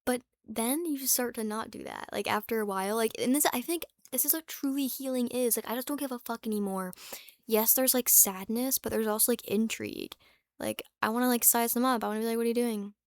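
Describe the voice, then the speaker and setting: A woman's voice: a little high, brisk, no room sound, clean studio sound. A young woman vlogging in casual chat, rambling and candid, with lots of fillers and restarts, swearing freely and sometimes dropping to a whisper for asides.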